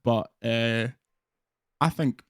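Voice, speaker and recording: A Scottish man chatting casually as a guest co-host, swearing freely and laughing through his jokes. His voice sits at an ordinary middle pitch. It comes across dry and close, with no room sound. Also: smooth, no echo. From Scotland. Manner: talks in quick put-on voices to mock people. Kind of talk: casual chat.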